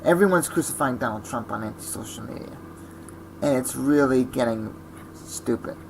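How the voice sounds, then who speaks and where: A man's voice: mid-range voice, moderate pace, creaky, darkish tone, a little hiss or hum, low-quality recording. A man ranting in a blunt, scornful vlog monologue. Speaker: vlogger.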